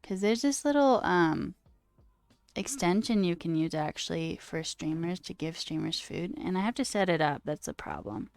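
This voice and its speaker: A woman's voice: lowish voice, very animated, moderate pace, darkish tone, dry recording. A woman streamer chatting casually and reading chat aloud, rambling, laughing often and swearing now and then.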